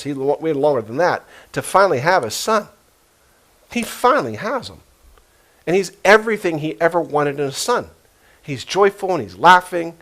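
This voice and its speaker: A middle-aged man preaching a sermon as a pastor, telling stories earnestly and dropping to a hush for quoted voices. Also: a little high. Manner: earnest storytelling, emotional retellings with hushed quoted voices.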